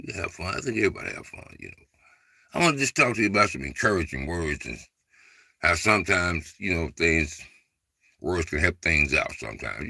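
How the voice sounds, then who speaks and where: A man's voice: fairly low pitch, gravelly, bright, forceful tone, no echo. A man hosting a casual chat with viewers, rambling loosely with lots of fillers and informal dialect speech. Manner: rambling, loose, filler-heavy, repeats "man" and "you know". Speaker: livestream host.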